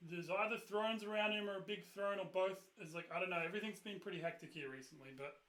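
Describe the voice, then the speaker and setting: A man's voice: high-pitched, fast, a bit bright, reverberant. A man running a tabletop game as game master, narrating with a rambling, laughing manner.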